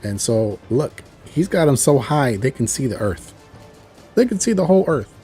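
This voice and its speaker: A man excitedly recapping a TV episode in a rambling, chatty way, full of "like" and "you know". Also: mid-range voice, moderate pace, faint music behind. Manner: enthusiastic, rambling storytelling with frequent "like" and "you know". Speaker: TV show reviewer.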